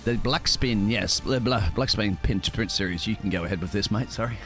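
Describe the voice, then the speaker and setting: Race co-commentator with music behind. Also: male voice, on the low side, a little fast. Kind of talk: sim racing broadcast commentary.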